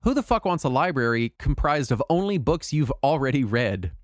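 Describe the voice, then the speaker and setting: A man in a casual podcast conversation with a mid-range voice, recorded close and dry with no room sound. He talks in an animated, emphatic way, stumbles over restarts and swears now and then. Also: mid-range voice, normal speed, dry recording. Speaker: podcast co-host.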